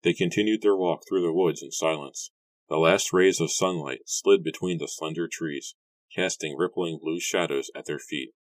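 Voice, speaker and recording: A man reading a novel aloud as an audiobook narrator, calm and measured. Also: sits low, no room sound. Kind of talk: scripted narration.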